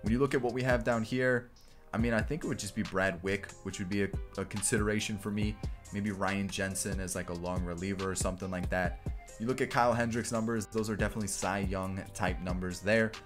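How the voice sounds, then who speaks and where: A young man with a somewhat low voice talks through a video game in a loose, chatty way, full of "like" and "um". Soft guitar music plays faintly underneath. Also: brisk. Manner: relaxed and chatty, with fillers like "like" and "um". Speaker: gaming YouTuber. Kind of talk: casual video game commentary.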